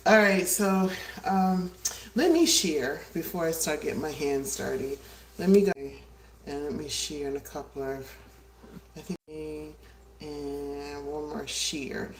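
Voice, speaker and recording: A woman's voice: low-pitched, slow pace. A woman hosting a casual cooking livestream from her home kitchen, chatty and a bit out of breath, greeting viewers as she works. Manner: chatty, greets viewers by name, frequent fillers. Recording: roomy, distant, faint hiss.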